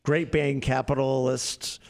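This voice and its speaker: A man's voice: mid-range voice, flat delivery, slow, darkish tone. A man co-hosting a casual political talk show, blunt and emphatic, often repeating words as he starts a point. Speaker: podcast co-host.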